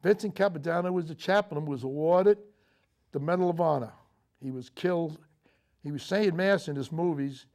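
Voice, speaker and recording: An older man, a Marine veteran, recounting his memories in a TV interview, speaking haltingly with frequent fillers and restarts. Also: on the high side, darkish tone. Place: local TV studio.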